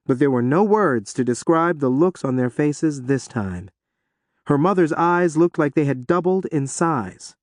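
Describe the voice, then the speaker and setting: A male narrator reads an audiobook with expressive storytelling. His voice sits a bit high and moves in lively swings of pitch. The sound is dry and close. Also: measured pace, no room sound.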